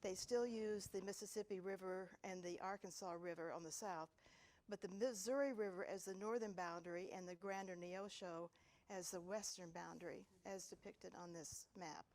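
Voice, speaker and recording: A woman's voice: fairly low pitch, steady tone, normal speed, a little mellow, rough recording. Woman giving an author talk. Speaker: author and book editor. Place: public talk in a university library.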